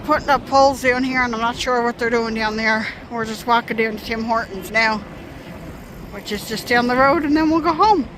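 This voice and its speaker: A woman's voice: on the high side, normal speed, noisy background. A woman chatting casually in a vlog, friendly and laughing often as she talks. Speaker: vlogger.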